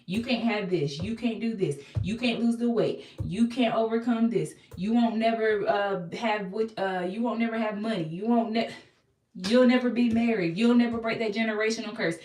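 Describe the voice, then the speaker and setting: A woman's voice: on the high side, normal speed, a little mellow, lightly acted. A woman sounding out a sly male devil who schemes aloud and taunts over and over that you will never win. The voice rings around an echoey room. It is picked up from some distance away from the mic. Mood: taunting.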